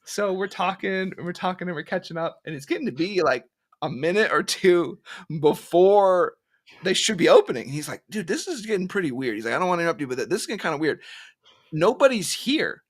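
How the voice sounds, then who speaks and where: A man's voice: high voice, quick pace. A man guesting on a casual live stream, telling a story and acting out the quotes. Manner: animated storyteller, acts out quotes.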